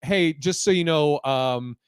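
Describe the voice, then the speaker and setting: A man imitating an erratic woman who claims secret military rank, in a low, mumbled, rushed voice. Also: clean tone, no room sound, clean studio sound, lightly acted. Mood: secretive.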